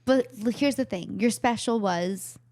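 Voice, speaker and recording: A woman's voice: a little high, measured pace, darkish tone, no echo. Woman, Bronx New York accent, enthusiastic host, casual chat, dry close sound. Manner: enthusiastic, gushing. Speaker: podcast host.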